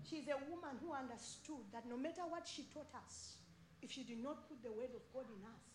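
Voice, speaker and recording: A woman's voice: on the high side, roomy sound, noisy background. A middle-aged woman preaching a sermon from Africa, speaking fervently with emphatic repetition and storytelling.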